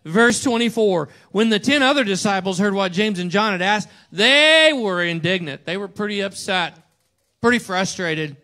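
A man's voice: sits high, moderate pace, sharp tone. A male pastor giving a conversational sermon to a congregation in church, often checking in with a rhetorical "right?". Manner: conversational, asks rhetorical "right?" and acts out quotes.

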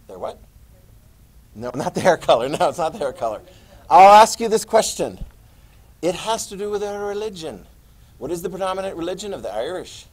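A man teaching a history class, lecturing lively and quizzing his students as he goes. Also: high voice, fast talker, low-quality recording. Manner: lively, quizzing students and repeating key words.

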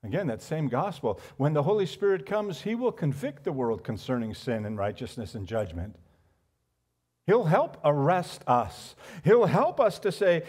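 A man with a high, light voice preaches in a church sanctuary. He moves from quiet, reflective phrases to bursts of loud excitement, in an animated pulpit style. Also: normal speed. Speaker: pastor. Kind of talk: sermon.

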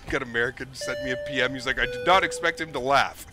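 A man's voice: medium pitch, fast, music in the background. A young man streaming a flight simulator, chatting upbeat and thanking donors over and over. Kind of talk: live gameplay commentary.

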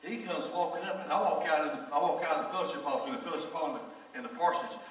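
Preacher guy spinning a story from the pulpit, bit high voice, long church reverb. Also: racing. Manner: animated storyteller acting out quoted voices. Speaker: pastor. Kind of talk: storytelling sermon. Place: church sanctuary. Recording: echoey church hall from far off.

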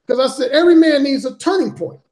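A man's voice: very high voice, lively intonation, fast, darkish tone. A man telling a story as a podcast guest, speaking bluntly and profanely with heavy emphasis. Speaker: podcast guest, dating author. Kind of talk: casual storytelling in a talk show.

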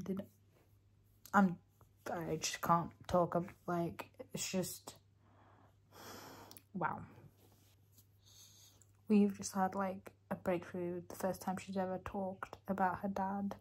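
A young woman talks casually through a reading vlog, her voice mellow and warm. She gushes excitedly, laughing at times, then drops into soft, hushed asides. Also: medium pitch, slow, pauses often, breathy edge. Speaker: book vlogger.

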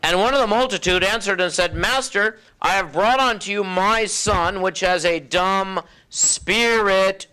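A man preaching a sermon in a folksy, conversational way, acting out other people's voices and dropping low and soft for effect. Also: unhurried, hardly any pauses, clean tone. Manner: acts out voices of demons and doubters, drops low and soft for effect.

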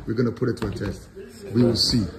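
A man's voice: fairly low pitch, little pitch movement, quick pace, very noisy. A man in his thirties, a father cheering his family on in a playful home vlog. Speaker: father and vlogger. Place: home gym.

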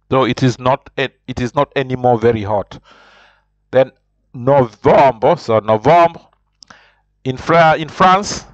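A man's voice: mid-range voice, no echo. Guy teaching beginner french, lots of uhs and restarts, kinda muffled close sound. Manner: explains slowly with many restarts and fillers. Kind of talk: spoken language lesson.

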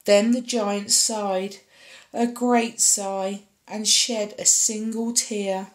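A woman reading a children's storybook aloud with expressive storytelling. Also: mid-range voice, drawn-out words. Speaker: storybook reader. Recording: echoey room.

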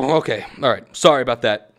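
A man hosting a gaming video, giving excitable gameplay commentary and shouting at the game. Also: a little high, gravelly. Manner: excitable, yells at the game, chuckles. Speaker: gaming channel host.

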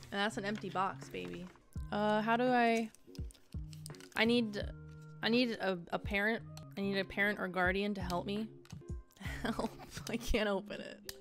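A woman's voice: mid-range voice, fairly even intonation, measured pace, pauses often, faint music behind. A young woman streamer chatting casually and joking as she taste-tests snacks, often giggling. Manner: bubbly, jokey, giggly. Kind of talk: casual taste-test chat.

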